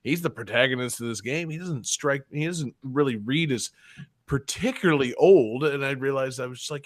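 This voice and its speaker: A man's voice: medium pitch, normal speed, no echo. A man hosting a podcast in a casual, joking chat, swearing freely. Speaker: podcast host.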